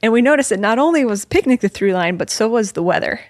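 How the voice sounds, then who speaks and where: Animated woman telling an anecdote. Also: on the high side, quick pace. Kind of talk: casual conversation.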